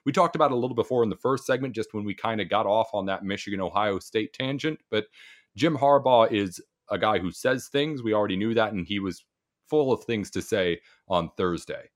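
This is a man chatting sports with a co-host in a measured, easygoing tone. His voice sits on the low side. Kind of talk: casual sports talk.

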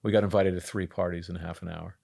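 A man's voice: sits low, fairly even intonation, fast, creaky, a little mellow, husky. A man who is an actor and a podcast guest, telling rambling, self-deprecating anecdotes in casual conversation.

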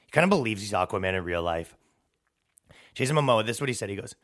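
A man's voice: on the low side, lively intonation, fast talker, fairly bright tone. A man hosting a comedy podcast, riffing in a rambling, profane, sarcastic way. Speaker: podcast host.

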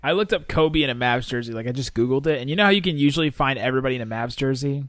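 A man's voice: medium pitch, very fast, a bit bright, dry recording, studio quality. A man co-hosting a sports podcast, chatting casually with rambling asides and frequent laughs. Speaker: podcast co-host.

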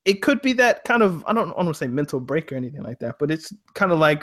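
A man with a somewhat high voice co-hosts a casual football podcast. He argues his points emphatically. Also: fast talker. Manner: animated, emphatic arguing. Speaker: podcast co-host. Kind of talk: casual sports chat.

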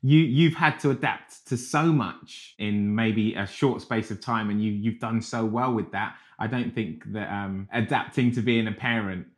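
A podcast host who interviews a guest warmly and encouragingly and also reads a sponsor message. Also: mid-range voice, normal speed, few pauses. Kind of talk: interview and ad read.

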